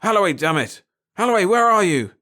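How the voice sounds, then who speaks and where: A man doing a gruff barking captain. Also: high voice, expressive, moderate pace. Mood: urgent. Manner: loud, shouting urgent commands and curses. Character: gruff, impatient male military captain barking orders. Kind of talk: dramatic audiobook reading.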